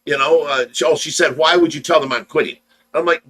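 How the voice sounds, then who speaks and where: A man's voice: a little high, fairly quick, a bit bright, low-quality recording. A man from Ohio casually telling a long story on a livestream, rambling and repeating words as he acts out the dialogue. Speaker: livestream host.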